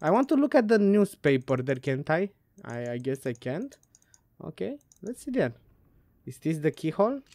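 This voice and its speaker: A woman's voice: low-pitched, sing-song, normal speed, dark tone, no room sound. A woman playing a puzzle game and giving let's play commentary, muttering, swearing and laughing to herself. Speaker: gamer.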